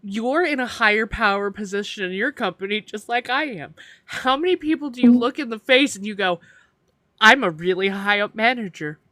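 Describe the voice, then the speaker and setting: A woman's voice: a little high, a little fast, a bit bright, no room sound. Giggly woman podcaster, dry close sound. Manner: giggly, laughing through her words. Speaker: podcast co-host. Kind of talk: casual chat.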